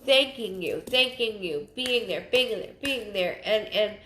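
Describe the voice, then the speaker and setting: A woman giving a live psychic reading, thinking aloud in halting, repeated phrases and sounding stuffed up. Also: mid-range voice, animated, sharp tone, slight background noise. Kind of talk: livestream reading. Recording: roomy echo.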